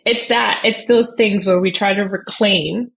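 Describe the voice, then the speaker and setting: A woman guest on a podcast, talking in a rambling, animated way with a low, sultry-toned voice. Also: a little slow, gravelly. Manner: rambling, animated, self-deprecating. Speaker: guest dietitian. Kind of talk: casual conversational interview.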